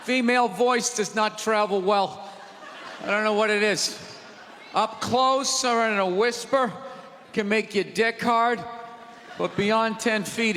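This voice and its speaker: A man doing a stand-up routine in a large theater, ranting loudly and mocking people in put-on voices. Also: high-pitched. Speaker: stand-up comedian. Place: large theater with live audience. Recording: live theater recording, hall reverb, audience noise. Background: audience laughter and crowd.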